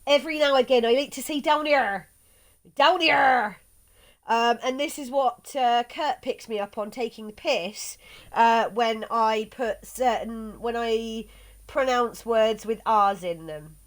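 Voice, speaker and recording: A woman's voice: fairly high pitch, measured pace. A woman with a Somerset accent and a slight lisp on her S sounds, chatting casually and rambling while streaming a game. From South West England. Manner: chatty, rambling, laughs often. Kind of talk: casual chat while gaming.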